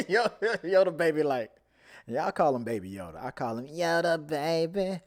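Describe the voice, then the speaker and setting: A man hosting a casual live-stream review, rambling and animated, often trailing off into mumbles. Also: on the high side, moderate pace. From Houston, Texas area. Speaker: show host.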